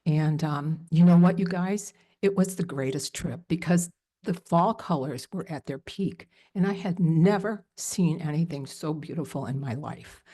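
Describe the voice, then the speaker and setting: A woman shares a personal story at a live storytelling event. Her voice sits low and sounds mellow and warm. She tells it in an animated, emotional way, full of fillers. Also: unhurried, breathy edge.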